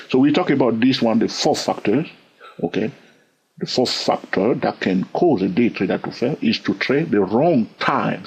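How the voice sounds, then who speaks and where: A man's voice: mid-range voice, gravelly, breathy edge. A man with a non-native English accent teaching day trading in an informal talk, repeating himself and checking in with "all right?". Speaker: trading educator. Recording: dull lo-fi recording.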